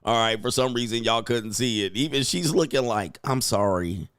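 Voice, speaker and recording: A man's voice: medium pitch, normal speed, a bit bright, smooth, no echo, studio quality. A man hosting a casual reaction commentary show, brash and mocking, laughing often and talking in slang.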